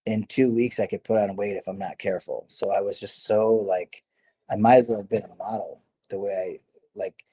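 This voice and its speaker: A man's voice: on the low side, fairly even intonation, normal speed, mellow. A middle-aged man, a former fighter, telling stories in a casual interview, rambling, correcting himself and laughing often. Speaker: guest, former MMA fighter.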